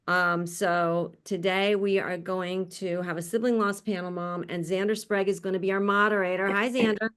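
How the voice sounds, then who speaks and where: A woman's voice: medium pitch, fairly even intonation, moderate pace, few pauses, fairly bright tone, clear, resonant tone. A woman hosting an online panel on a video call, introducing guests in a chatty, friendly way with frequent laughs and asides. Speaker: panel host.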